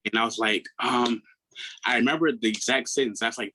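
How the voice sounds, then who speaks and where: A man in his thirties, a podcast guest, telling his own story in a candid, earnest way, often restarting his words and acting out what others said in a higher voice. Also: a little fast, sharp tone, rough recording. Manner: acts out quoted people in a raised voice.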